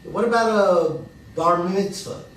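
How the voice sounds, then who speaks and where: An actor reading the part of a chatty, hesitant adult Hebrew student in a virtual play reading. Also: male voice, high-pitched, slow, slight background noise. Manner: rambling, hesitant, joking. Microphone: remote video call mic. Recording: echoey room, distant mic, faint ambience.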